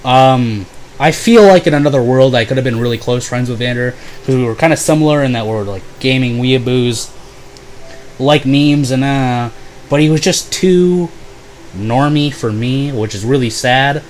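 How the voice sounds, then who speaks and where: A man's voice: medium pitch, normal speed, slight background noise. A young man telling a rambling, profane storytime full of "like" and fillers. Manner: bursts into loud exaggerated impressions. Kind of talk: casual storytime.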